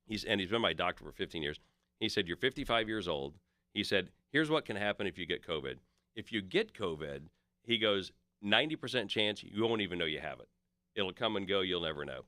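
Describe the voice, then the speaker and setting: A man's voice: low-pitched, lively intonation, fairly quick, sharp tone, no room sound, clean studio sound. A man in his fifties, a podcast guest, telling stories in casual chat and quoting others in his own voice. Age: 50s.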